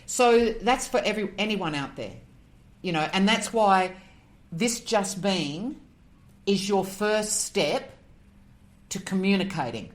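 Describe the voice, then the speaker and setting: A woman, a podcast guest, telling a personal story in an animated, emotional way and acting out the voices in it. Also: medium pitch, takes it slowly, long pauses. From Australia. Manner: emotional, moved near tears.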